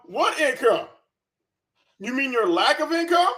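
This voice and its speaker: A man's voice: very high-pitched, sing-song, measured pace, bright, forceful tone. A man hosting a reaction commentary, profane, scornful and sarcastic. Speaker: commentary channel host.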